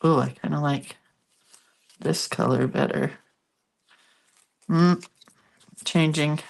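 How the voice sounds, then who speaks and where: A woman's voice: low voice, slow, vocal fry. A congested, sniffly woman hosting a casual crafting demo, chatting and laughing at herself while she works. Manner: chatty, self-deprecating, talks while working. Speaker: craft video host.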